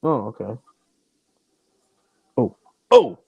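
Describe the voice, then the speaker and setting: Brief: easygoing man commenting on a movie, unhurried, close and dry. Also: on the low side, vocal fry, husky, no echo, muffled recording. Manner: rambling, laughs often, trails off. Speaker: watch-along host. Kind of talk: casual chat over a movie.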